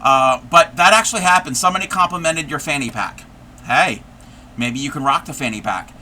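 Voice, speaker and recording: A man's voice: a little high, brisk, pushed and bright. A man hosting a casual crochet livestream, rambling and chatty, laughing often as he talks. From United States. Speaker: livestream host.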